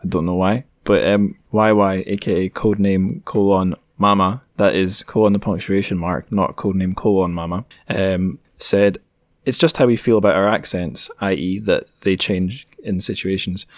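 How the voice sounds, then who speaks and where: Chatty Scottish man, low voice. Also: normal speed, no room sound, studio quality. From Scotland. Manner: chatty, rambling, self-correcting. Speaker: podcast host. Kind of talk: casual solo podcast chat.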